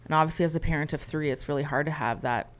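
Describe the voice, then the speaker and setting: A woman in her thirties with a notably low voice talks candidly on a podcast. She tells her story in a rambling, emotional way, often pausing to restart her thoughts. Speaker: podcast co-host. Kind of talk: candid conversation.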